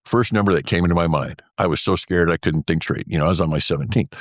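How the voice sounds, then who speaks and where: Low-voiced man telling a war story. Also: quick pace, hardly any pauses, no echo, studio quality. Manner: rambling, filler-heavy, wry with laughs. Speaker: interview guest, former pilot. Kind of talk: casual storytelling interview.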